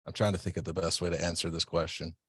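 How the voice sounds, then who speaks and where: A man's voice: sits low, fast talker, husky, dry recording. A man who teaches self-defense, talking casually and at length in a podcast interview, often restarting his sentences. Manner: relaxed, rambling, self-correcting.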